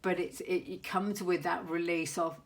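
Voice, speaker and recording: A woman with a fairly low voice reads tarot cards for her viewers. She talks earnestly and loosely, wandering through her thoughts and stopping to hunt for the right word. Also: steady tone, normal speed. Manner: earnest, meandering, searches for words aloud. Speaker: tarot reader. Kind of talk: monthly tarot reading for viewers.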